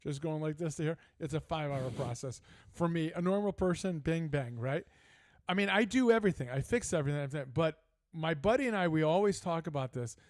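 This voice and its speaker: A man's voice: a little high, fairly quick, few pauses, dry recording, clean studio sound. Older man spinning casual stories. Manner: storytelling, animated, laughing asides. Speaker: host. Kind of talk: casual chat.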